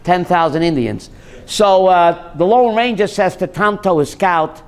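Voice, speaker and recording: A man's voice: high-pitched, unhurried, clear, resonant tone. A man, a rabbi, giving a joking Torah class to a live audience and putting questions to them.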